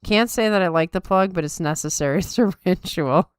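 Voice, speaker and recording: A woman's voice: on the low side, fairly quick, smooth, no room sound, studio quality. A tired woman hosting a podcast, chatting casually and wryly with her viewers. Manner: wry, self-deprecating chatter. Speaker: podcast host. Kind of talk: casual chat with live chat.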